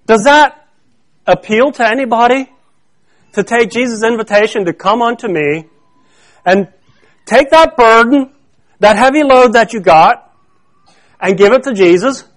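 A man with a notably high voice delivers a sermon as a pastor in a church. He keeps it conversational, often doubling back on his own phrases and pausing to ask the congregation to call out the missing word. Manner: conversational preaching, quizzes the congregation to fill in words; repeats and restarts phrases.

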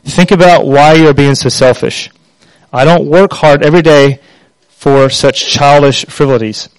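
A man's voice: fairly high pitch, moderate pace, no room sound, lightly acted, poor audio. A man voicing a tired, irritated working father who scolds his young son in a story he reads aloud. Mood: scolding. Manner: curt, scolding.

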